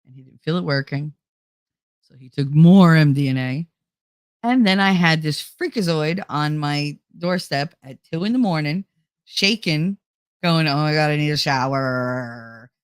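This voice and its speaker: A woman in her forties hosting a casual vlog, telling a story in a blunt, animated, profane way. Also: sits low, measured pace, clear, resonant tone, no echo, studio quality. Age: 40s. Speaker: host.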